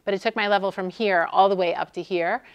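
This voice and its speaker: Smooth-voiced American woman lecturing. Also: medium pitch, fairly even intonation, quick pace, no echo. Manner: friendly, conversational, with frequent "um"s. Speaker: sports medicine doctor giving a talk. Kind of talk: conference lecture.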